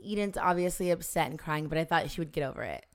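A woman's voice: sits low, fast talker. A woman in her forties telling a family story in casual chat, acting out the voices of the people in it. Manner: animated storyteller acting out quoted dialogue.

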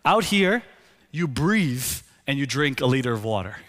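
A male pastor preaching a sermon, telling the scene vividly and dropping to a hushed, intense tone for key points. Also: mid-range voice, sing-song, normal speed, a little hiss or hum. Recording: long hall reverb.

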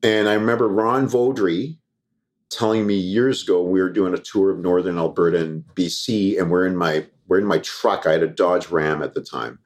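Low-voiced man telling lively stories. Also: moderate pace. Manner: animated storyteller acting out quoted dialogue. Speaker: guest, former TV reporter and comedian. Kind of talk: casual storytelling interview.

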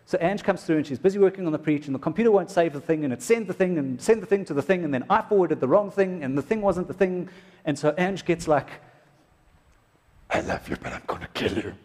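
A man's voice: high-pitched, quick pace, a little mellow. A man preaching a sermon to husbands in a church, joking and exclaiming as he goes. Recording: echoey hall reverb.

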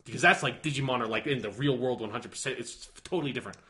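A man's voice: mid-range voice, racing, sharp tone. A man co-hosting a casual podcast, rambling enthusiastically with lots of swearing and constant "like". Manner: rambling, profane, enthusiastic, heavy use of "like". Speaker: podcast co-host.

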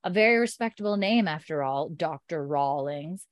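A woman voicing a stern, commanding grown man in a lowered, measured delivery while recapping a show. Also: lively intonation, no echo.

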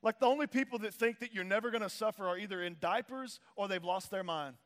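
High-voiced pastor in a reverberant hall. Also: male voice, fast talker, a bit bright. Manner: casual, slangy, repeats phrases for emphasis. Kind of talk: sermon.

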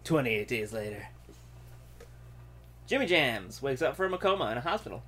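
A man's voice: mid-range voice, sing-song, normal speed, sharp tone, a little hiss or hum. A man narrating an improvised comedy scene, often breaking into laughter.

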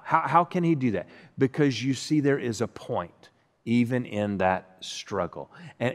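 A man preaching a sermon as pastor, often stuttering and repeating words as he starts a line. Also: medium pitch. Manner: stammers and repeats the first sounds of words. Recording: long hall reverb.

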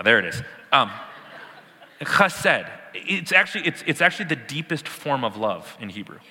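Guy preaching a sermon, super bright sound, big echoey hall. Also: fairly high pitch. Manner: explanatory, emphatic repetition, laughs at own jokes. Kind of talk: sermon teaching.

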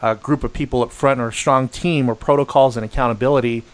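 A middle-aged man hosting a podcast, chatting casually and telling animated stories with many restarts and quoted voices. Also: medium pitch, fast, clear, resonant tone. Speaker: podcast host. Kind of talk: casual chat.

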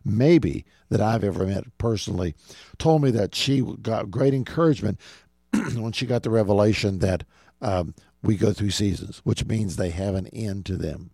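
A middle-aged man delivers a radio sermon in a low, warm, mellow voice. He preaches earnestly and directly, often turning to his listeners as "folks". The sound is close and dry, with no room around it. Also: moderate pace, gravelly, slightly rough, dry recording. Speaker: radio show host and preacher.

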